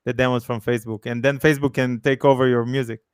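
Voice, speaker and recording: Smooth-voiced man co-hosting a stream. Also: medium pitch, flat delivery, fast, no echo, studio quality. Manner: easygoing, loose phrasing, plugs subscriptions. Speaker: podcast co-host. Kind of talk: casual chat on a livestream.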